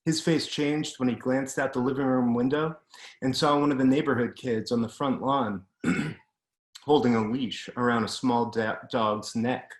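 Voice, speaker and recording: A man, an author, reading his fiction aloud in a measured, deliberate way over a video call from a room at home. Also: medium pitch, steady tone. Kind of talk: literary reading. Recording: roomy echo.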